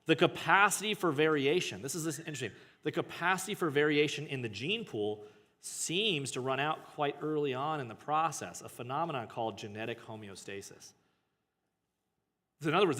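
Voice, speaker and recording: A man's voice: medium pitch, fairly bright tone. A man, a pastor, reads passages from a book aloud and breaks off into casual, joking commentary and self-corrections. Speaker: pastor teaching a book study. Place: church hall. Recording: long hall reverb.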